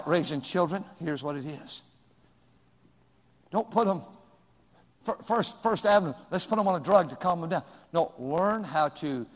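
A middle-aged male pastor preaching a sermon, swinging from loud shouts to hushed asides. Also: fairly high pitch, long reverb tail.

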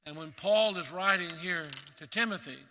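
A man delivers a sermon in an earnest, emphatic voice, drawing out the words he wants to stress. His tone is strikingly bright and sits a little high. The sound rings with the long reverb of a large church hall. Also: moderate pace. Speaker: preacher.

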